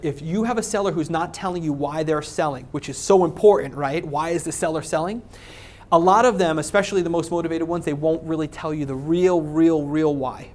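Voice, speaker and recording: A man speaking at a live real estate seminar, talking with energy, stressing his points, checking in with "right?" and acting out sellers' lines. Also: a little high. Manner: energetic, emphatic, repeats points and asks the audience "right?"; acts out sellers' questions and excuses in quick quoted voices.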